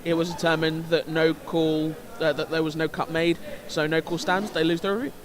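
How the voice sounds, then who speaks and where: A man commentating a roller derby game, with a voice that sits a little high for a man. He speaks in halting bursts, packed with fillers and restarts. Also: level tone, crowd noise. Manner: hesitant, many fillers and restarts. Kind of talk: sports commentary with anecdote.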